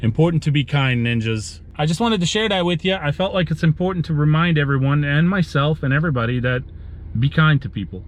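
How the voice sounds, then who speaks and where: A man telling a sad story from his work in a vlog while driving, speaking haltingly with many restarts. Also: on the high side, lively intonation. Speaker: lawn care business owner vlogging.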